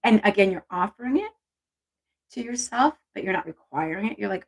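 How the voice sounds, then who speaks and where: A woman's voice: lowish voice, fast talker, gravelly, slightly rough, low-quality recording. A woman hosting a casual live stream on intuition, chatty and encouraging as she reads viewer comments aloud.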